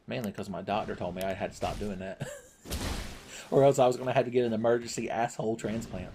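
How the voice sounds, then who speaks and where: A man's voice: lowish voice, quick pace, dark tone, a little hiss or hum. A man commentating his video game play with crude, sarcastic jokes. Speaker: gaming channel host.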